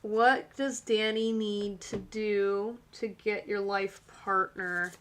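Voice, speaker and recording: Bright-voiced chatty woman reading tarot. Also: mid-range voice, fairly even intonation, slow pace, slight background noise. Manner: chatty, filler-heavy, encouraging. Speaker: tarot reader hosting a live stream. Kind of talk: casual live-stream tarot reading.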